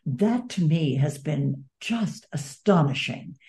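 Speak as a woman guest in a heartfelt interview. Your voice sits low and mellow, and you talk earnestly and reflectively, weighing each thought. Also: lively intonation, slow. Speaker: guest author and advocate. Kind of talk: interview conversation.

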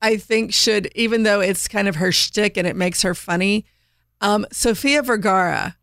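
A woman's voice: medium pitch, normal speed, fairly bright tone, no echo, studio quality. A woman cohosting a podcast, dropping wry comebacks in casual chat.

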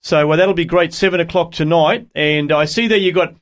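Male radio host, high voice, upbeat, chatty. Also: a little fast. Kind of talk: casual radio chat.

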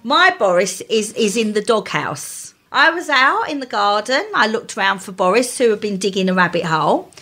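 A woman co-hosting a podcast, chatting and telling animated anecdotes. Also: moderate pace, few pauses, faint music behind. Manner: animated storyteller, jumps high when quoting people. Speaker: podcast co-host. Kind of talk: casual chat and anecdote telling.

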